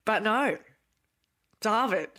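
A woman's voice: mid-range voice, animated, takes it slowly, a bit bright. Chatty woman, earnest storyteller. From Australia. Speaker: podcast co-host. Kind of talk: casual chat.

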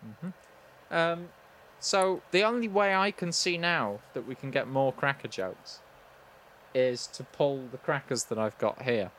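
A man hosting a relaxed comedy chat, reading out jokes flatly and dryly. His pitch sits at an ordinary middle height, and his delivery stays understated and matter-of-fact. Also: a little slow, slight background noise.

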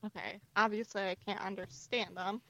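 A woman's voice: mid-range voice, steady tone, normal speed, sharp tone. A woman playing a tabletop game, reacting with hesitant ums and casual swearing. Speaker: player.

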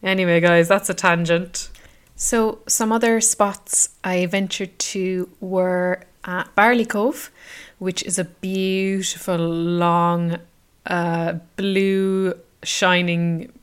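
A chatty woman of about thirty tells a relaxed travel story, wandering off on tangents and filling gaps with ums. Her voice sits a little low for a woman. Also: slow, smooth. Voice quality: chatty, rambling with many fillers. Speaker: travel vlogger. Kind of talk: casual travel chat.

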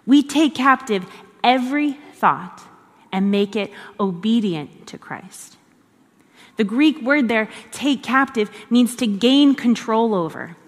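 A woman's voice: fairly high pitch, animated, slow. A woman giving a conversational devotional teaching in an earnest way, repeating phrases for emphasis. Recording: long hall reverb.

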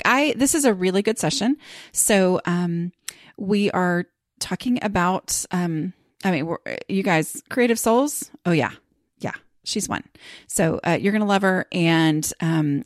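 A woman hosting a podcast, talking in a loose, rambling way and circling back on her own thoughts. Her voice has a gravelly edge. The sound is close and dry, with no room around it. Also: medium pitch, no room sound. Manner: rambling, chatty, many fillers and restarts. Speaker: podcast host. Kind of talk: casual chat.

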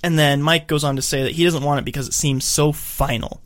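A man's voice: a little high, fairly quick, no room sound, clean studio sound. A man co-hosting a podcast, chatting casually as he retells a film scene by scene, acting out the quotes. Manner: animated storyteller, acts out quotes. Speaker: podcast co-host. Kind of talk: casual chat recapping a film.

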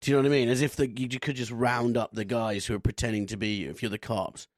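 Male co-host, chatty anecdote teller, mid pitch, dry close recording. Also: level tone, fast, no echo. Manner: chatty anecdotes with comic voices. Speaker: podcast co-host. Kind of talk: casual chat.

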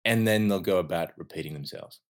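Deep-voiced Australian-raised man chatting. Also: fairly quick. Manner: animated storyteller, laughs often. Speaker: actor, podcast co-host. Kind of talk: casual chat.

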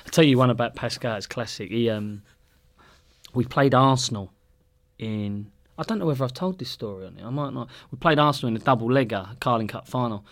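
A man's voice: medium pitch, brisk. A man co-hosting a podcast, telling stories in casual chat, swearing often and laughing as he goes. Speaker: podcast co-host.

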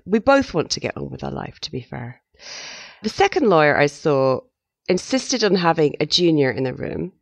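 Woman, middle-aged, interview guest, candid storyteller, lower pitch, dry close sound. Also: normal speed, vocal fry, no echo. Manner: frank, animated storytelling with quoted asides. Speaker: guest, journalist.

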